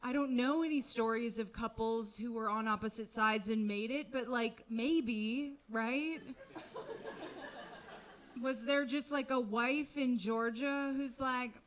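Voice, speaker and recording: A woman's voice: fairly high pitch, slow. A woman doing a stand-up comedy set on a comedy club stage, wry and conversational with sarcastic asides.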